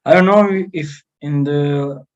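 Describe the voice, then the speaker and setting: A man's voice: fairly high pitch, slow. A man taking an English lesson over a video call, answering exercises and thinking aloud hesitantly. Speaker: student. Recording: dull lo-fi call audio.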